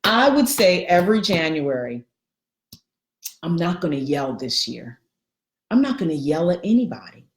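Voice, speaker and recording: A middle-aged life coach with a lilt leads a live coaching talk in a fairly low voice that swings up brightly when she greets viewers. She sounds sing-song at normal speed and pauses often, in a room with noticeable echo.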